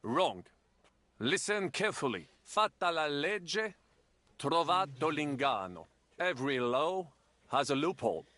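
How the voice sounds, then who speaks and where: Fussy language teacher, slightly high, lively sing-song lines, precise and kinda exasperated, game character. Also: male voice, unhurried, no echo, exaggerated voice. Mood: patient, exacting. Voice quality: precise, exasperated tutoring manner. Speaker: language tutor. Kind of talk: game voice acting.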